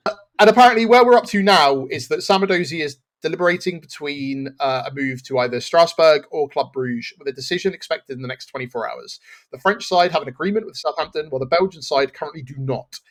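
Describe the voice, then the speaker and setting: A man's voice: fairly high pitch, fast talker. A man hosting a football podcast, chatting casually and rambling, laughing at his own slips. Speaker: podcast host. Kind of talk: casual chat.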